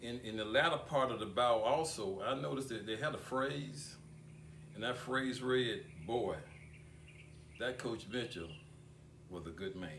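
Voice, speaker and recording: An older man giving a tribute speech at an awards ceremony, talking deliberately with repeated words and long pauses. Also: mid-range voice, fairly bright tone, slight background noise. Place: banquet hall. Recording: echoey room picked up from far off.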